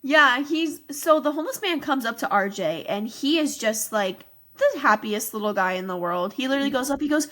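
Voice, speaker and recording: Bubbly higher-voiced woman co-host. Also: expressive, fairly bright tone. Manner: enthusiastic, reacts with quick asides and laughs. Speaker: podcast co-host. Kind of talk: casual movie recap chat.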